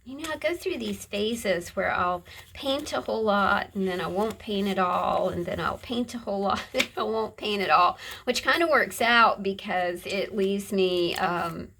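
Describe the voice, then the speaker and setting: A middle-aged woman hosting a casual craft video, chatting in a soft, rambling way as she shows her handmade books. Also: medium pitch, measured pace, vocal fry, a little hiss or hum, poor audio. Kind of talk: casual show-and-tell chat.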